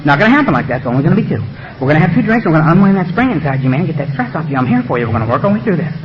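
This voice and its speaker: A man voicing a whispering male beast of addiction that coaxes and wheedles in a low, hushed voice. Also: big pitch swings, racing, over music. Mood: persuasive. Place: meeting room. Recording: dull lo-fi recording.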